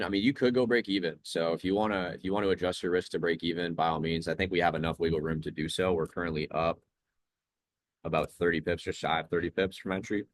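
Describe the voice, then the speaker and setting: Laid-back deep-voiced man streaming trades. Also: no echo, studio quality. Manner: laid-back, chatty, reads chat aloud. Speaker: trading livestream host. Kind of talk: casual live-stream commentary.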